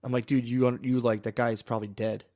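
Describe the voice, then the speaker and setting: A man co-hosting a podcast, telling rambling, fast anecdotes full of quoted asides in casual chat. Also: medium pitch, little pitch movement, darkish tone. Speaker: podcast co-host. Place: podcast studio.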